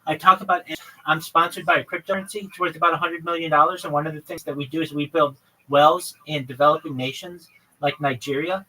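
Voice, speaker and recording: A man's voice: fairly high pitch, pushed and bright, distant mic, low-quality recording. A man hosting a livestream chat with a caller, earnestly listing his plans in long runs. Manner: earnest, lists many topics in long runs. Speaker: livestream host.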